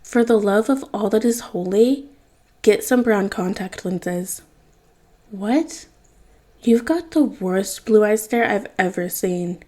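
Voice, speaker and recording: A woman's voice: mid-range voice, lively intonation, slow pace, warm tone. A woman voicing an anxious teenage boy genius who brushes off questions with clipped denials. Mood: blunt.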